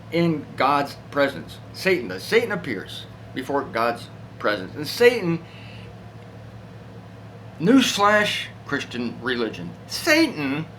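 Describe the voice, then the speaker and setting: Animated man teaching the Bible. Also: on the high side, slight background noise, poor audio. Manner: animated and conversational, acting out voices. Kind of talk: informal Bible teaching talk.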